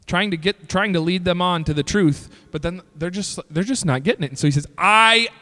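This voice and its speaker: High-voiced man preaching in a reverberant hall. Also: a little fast. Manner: preaching with sudden shouted bursts. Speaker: pastor. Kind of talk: sermon.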